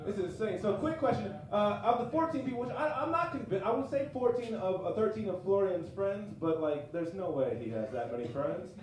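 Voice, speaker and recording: A man's voice: sits high, expressive, brisk, few pauses. A man doing live stand-up crowd work on a comedy club stage, brash and mocking. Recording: distant, echoey club recording. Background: audience laughter.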